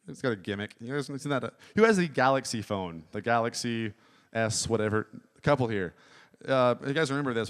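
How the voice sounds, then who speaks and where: A man doing stand-up at a small live venue, his voice middling in pitch. He rambles through his bits with a deadpan, filler-heavy delivery into a handheld stage mic. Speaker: stand-up comic. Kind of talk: stand-up comedy set.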